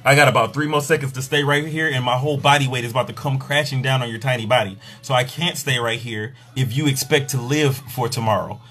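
Husky exasperated man ranting for laughs. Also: medium pitch, fairly even intonation, fast talker, few pauses, bright, forceful tone. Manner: exasperated, profane, joking. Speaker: sexologist and pleasure coach. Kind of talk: comedic rant on a podcast.

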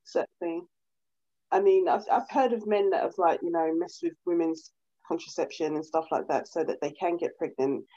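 A woman's voice: on the low side, moderate pace. A woman chats in a casual podcast. She tells stories with animation and swears freely. The audio is a little dull and lo-fi. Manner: animated storyteller, swears, acts out quoted men.

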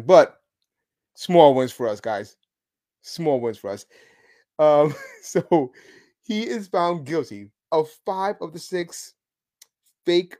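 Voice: medium pitch, warm tone. A podcast host delivering opinionated solo commentary in a sarcastic, mocking way, with emphatic outbursts. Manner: sarcastic, mocking, chuckling asides.

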